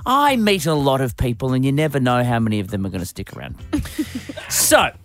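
A man co-hosts a radio show, thinking aloud in a hesitant, musing way. His intonation rises and falls in a lively way. Faint music sits underneath. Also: medium pitch, brisk. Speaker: radio co-host. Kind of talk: casual radio chat.

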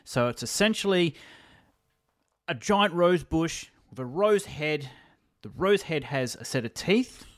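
A man's voice: on the high side, expressive, unhurried. Man describing toys with enthusiasm. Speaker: podcast co-host. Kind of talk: casual chat.

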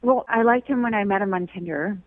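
A woman's voice: medium pitch, a little fast. A woman calling in to a radio show, blunt and mocking in her disbelief. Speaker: caller. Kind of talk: phone call on a radio show. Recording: tinny phone line.

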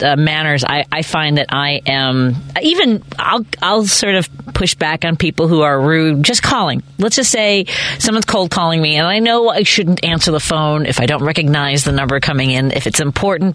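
A woman's voice: sits low, fairly bright tone. A woman hosting a talk radio show, chatty and conversational, laughing and acting out little quoted phone calls. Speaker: radio host.

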